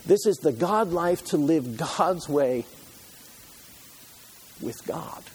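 A man's voice: on the high side, expressive, slow, breathy edge. A man preaching a sermon, reading scripture aloud and retelling it with passion, pleading at times and dropping to a near whisper at others. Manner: impassioned, pleading when voicing Moses, dropping to a hush.

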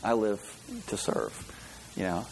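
A man's voice: fairly low pitch, steady tone, takes it slowly, vocal fry, slight background noise. A man preaching a conversational sermon, chatty, often repeating words and restarting, with easy laughs. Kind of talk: conversational sermon with personal story.

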